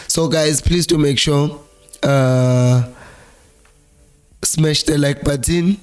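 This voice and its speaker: A hoarse South African man with a flu-worn voice, hosting a live-streamed football chat in a Zulu-accented mix of English and Zulu and reading viewer comments aloud. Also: on the high side, steady tone, takes it slowly, pauses often. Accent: South African, Zulu-speaking. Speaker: fan channel host.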